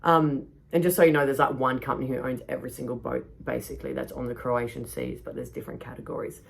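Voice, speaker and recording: Low-pitched woman host, loose profane storyteller who laughs through her tales. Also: expressive, quick pace, vocal fry, a little hiss or hum. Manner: swears freely, laughs often, many fillers. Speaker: podcast host. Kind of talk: casual storytelling monologue. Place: backyard.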